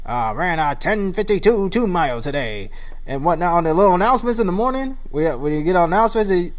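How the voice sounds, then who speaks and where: A man's voice: high voice, expressive, quick pace. A young man, chatting casually in a vlog, rambling, laughing at himself and getting worked up. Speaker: vlogger. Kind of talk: casual chat.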